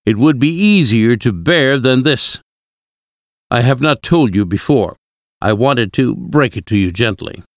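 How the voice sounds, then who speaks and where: A man reading the lines of a grave older male professor in a solemn, measured way. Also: mid-range voice, animated, no echo, clean studio sound.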